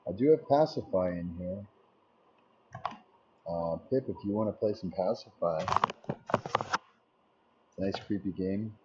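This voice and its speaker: A man's voice: sits low, takes it slowly, pauses often. A man chatting casually on a live stream, rambling in a laid-back way as he answers viewer messages aloud. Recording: dull lo-fi stream audio, faint noise.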